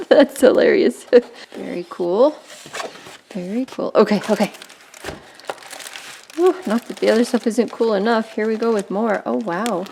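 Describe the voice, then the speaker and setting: A woman hosting a casual unboxing vlog, gushing over gifts with constant excited exclamations. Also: mid-range voice, vocal fry, a little hiss or hum. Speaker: art channel host.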